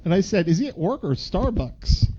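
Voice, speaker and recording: A man's voice: high voice, sing-song, normal speed, warm tone, dull audio, a little hiss or hum. A man co-hosting a podcast, cracking sarcastic jokes while chatting casually about a movie. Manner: joking, sarcastic asides. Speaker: podcast co-host. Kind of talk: casual movie recap chat.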